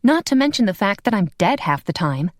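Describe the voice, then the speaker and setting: A woman's voice: mid-range voice, sing-song, fairly quick, dry recording, clean studio sound, lightly acted. A woman voicing a wry, guarded vampire woman. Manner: wry, defensive. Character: guarded, hot-tempered female vampire. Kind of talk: audiobook character voice.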